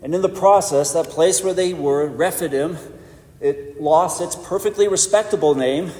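A man preaching a sermon in a measured, emphatic way with pauses for weight. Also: a little high, a little mellow. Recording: echoey church hall.

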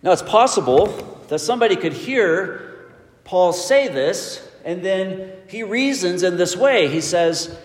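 A man preaching a sermon, emphatic and measured, leaning hard on key phrases. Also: high voice, expressive. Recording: echoey hall with long reverb.

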